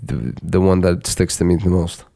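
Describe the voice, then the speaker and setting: A podcast co-host with a thick New York accent and a Russian mother tongue, talking in a low voice. He rambles through animated stories with loose, casual energy. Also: moderate pace, gravelly. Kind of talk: casual chat.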